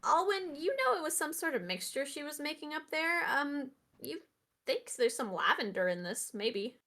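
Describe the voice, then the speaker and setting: A woman's voice: sits high, very animated, moderate pace, a bit bright. A woman narrating as game master of a tabletop game, casual, with many fillers.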